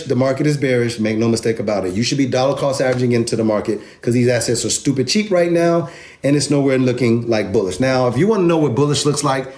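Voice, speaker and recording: Emphatic man teaching crypto charts. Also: medium pitch. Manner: emphatic, repeats numbers, asks the audience to agree. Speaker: crypto trading instructor. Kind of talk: informal chart walkthrough lesson.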